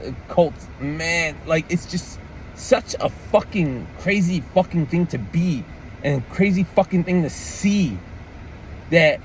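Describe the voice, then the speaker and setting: A man's voice: fairly high pitch, slight background noise. A man ranting about wrestling in casual, profane commentary, full of "man" and "like" and mocking voices. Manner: animated, profane, repeats "man" and "like".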